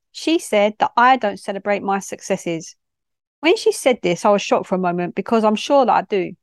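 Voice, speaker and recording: A woman's voice: medium pitch, dry recording, studio quality. A woman, a youth worker reading a personal story in a direct, no-nonsense way. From London.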